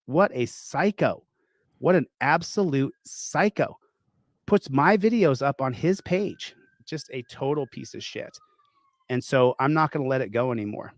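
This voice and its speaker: A man's voice: medium pitch, expressive, a little slow, no room sound. A man ranting indignantly on a stream, accusing and threatening someone. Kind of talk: angry live-stream rant.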